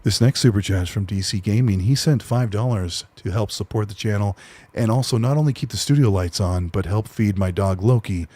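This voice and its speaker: A man's voice: lowish voice, a little fast, dark tone. A man hosting a gaming podcast, chatting casually and rambling with frequent self-corrections. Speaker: podcast host.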